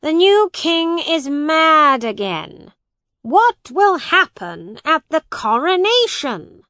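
A woman's voice: medium pitch, big pitch swings, extremely slow, no echo, full character voice. A woman voicing the Lord Protector, an anxious royal official, formal and worried in a storybook reading. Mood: alarmed.

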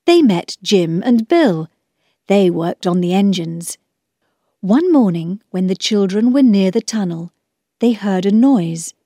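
A woman reading a children's storybook aloud, clear, measured and expressive. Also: mid-range voice, no echo, studio quality. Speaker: narrator.

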